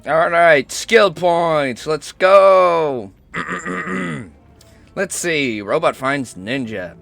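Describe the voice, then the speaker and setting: A sick young man with a hoarse, cracking voice and a cough, chatting casually and swearing while he streams a game. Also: fairly high pitch, lively intonation, very slow, a bit bright, no room sound, soft background music. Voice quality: rough, cracking voice. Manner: rambling, self-mocking, swears often. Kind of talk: casual gaming stream chat.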